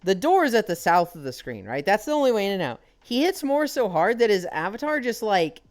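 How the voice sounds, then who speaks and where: A young adult woman streaming and chatting casually, telling stories with lively acted-out quotes. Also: mid-range voice, fairly quick. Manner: animated storyteller, acts out quoted characters. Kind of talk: casual chat.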